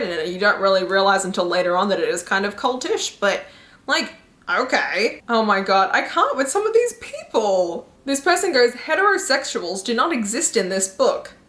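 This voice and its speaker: A young woman reacting to book reviews in a casual, animated, exclamatory way, laughing often and swearing casually. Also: mid-range voice. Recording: echoey room.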